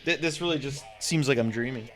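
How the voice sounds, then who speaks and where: A man's voice: mid-range voice, brisk, a bit bright, faint music behind. A man streaming a text adventure game, chatting casually, laughing often and swearing as he thinks aloud. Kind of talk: casual let's-play commentary.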